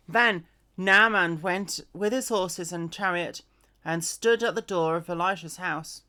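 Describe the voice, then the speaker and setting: Woman reading scripture aloud, slow, bright, casual asides and slips. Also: fairly low pitch. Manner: chatty asides, fillers and self-corrections. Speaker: reader.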